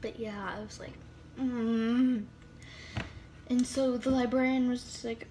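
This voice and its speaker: A teenage girl's fairly high, mellow voice comes through a phone mic with a little hiss or hum; her tone is steady, her pace slow, and she pauses often. She tells a storytime vlog in casual chat, saying "like" a lot and whispering dramatic asides.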